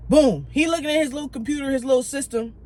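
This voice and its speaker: Talking fast in a high voice, a young adult storytime vlogger gets worked up over an irritating story. It's a casual, profane rant, animated and heated, complete with acted-out lines from other people.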